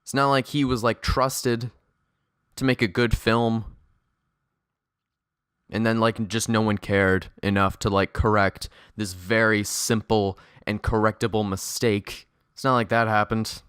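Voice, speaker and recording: A man's voice: lowish voice, little pitch movement, unhurried, fairly bright tone, clean tone, no echo, clean studio sound. A young man reviewing a movie in a sarcastic, exasperated rant, swearing often. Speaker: video reviewer.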